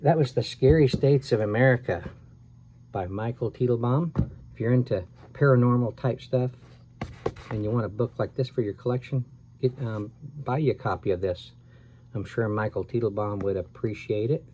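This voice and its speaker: Male storyteller, mid-pitched voice, expressive read-aloud of a spooky kids' book, small self-corrections. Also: moderate pace, a little hiss or hum. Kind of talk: dramatic read-aloud of a scary children's story.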